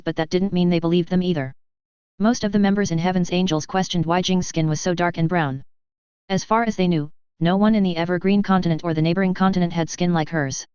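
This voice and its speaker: A narrator reading a fantasy web novel aloud in a steady, even audiobook style. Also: medium pitch, fairly quick, smooth, dry recording, lo-fi sound.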